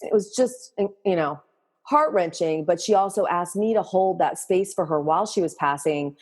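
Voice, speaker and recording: A woman's voice: on the low side, moderate pace, darkish tone, slightly rough. A middle-aged woman talking candidly as a guest in a casual podcast interview, telling stories from her life as a mother.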